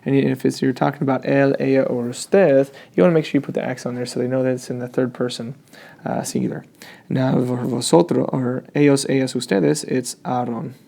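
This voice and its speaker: A man's voice: medium pitch, fairly even intonation, brisk, creaky, warm tone. A man teaching a Spanish grammar lesson, explaining step by step and checking in often.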